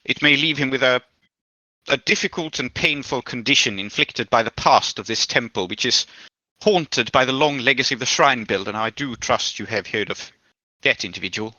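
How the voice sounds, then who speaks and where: A man voicing a smooth, scheming figure in a tabletop role-play who speaks in a formal, courteous way with hesitant restarts. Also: mid-range voice, normal speed, sharp tone, dry recording, lightly acted, low-quality recording. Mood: polite scheming.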